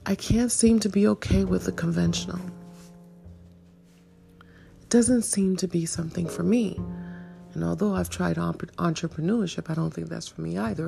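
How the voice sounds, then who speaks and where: A woman in her fifties hosting a reflective solo monologue, searching and questioning herself, with soft laughs. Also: lowish voice, steady tone, normal speed, vocal fry, faint music behind. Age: 50s. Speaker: podcast host.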